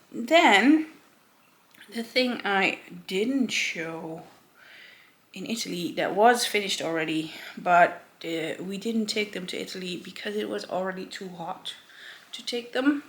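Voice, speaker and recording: Woman, podcast host, casual show-and-tell, rambling with lots of ums, unhurried delivery. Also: mid-range voice. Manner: rambling, many filler ums, self-correcting.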